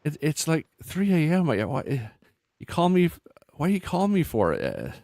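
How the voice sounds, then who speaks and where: A man's voice: a little high, wildly swooping pitch, moderate pace, gravelly, no echo, studio quality, pitched above the performer's own voice, heavily acted. A man voicing a middle-aged woman woken at three in the morning, groggy and stumbling over her words. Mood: groggy, worried. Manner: sleepy, stumbling, then sharp.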